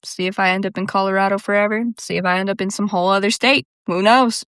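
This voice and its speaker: A woman's voice: mid-range voice, steady tone, quick pace, fairly bright tone, clean tone, no echo, clean studio sound. Chatty young woman, laughing easily. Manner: chatty, laughs often, says "dude" and "like" a lot. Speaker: podcast host. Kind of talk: casual solo monologue.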